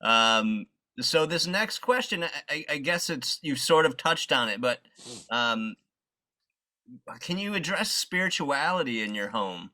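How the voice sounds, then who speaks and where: A man's voice: fairly high pitch, sing-song, measured pace, sharp tone. A man interviewing a guest, asking long, searching questions with hesitant phrasing.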